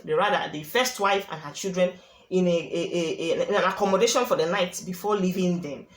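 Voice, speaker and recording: Woman telling a true story, lowish voice, casual, repeats herself a lot, roomy echo. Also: fairly bright tone. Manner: casual, repeats phrases for emphasis. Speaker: storyteller, channel host. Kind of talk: narrating a true-life story. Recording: echoey room.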